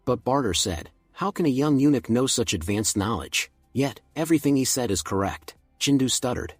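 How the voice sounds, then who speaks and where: A man narrating a comic recap in a brisk, even storytelling delivery, lightly voicing the quoted lines. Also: mid-range voice, no room sound, faint music behind.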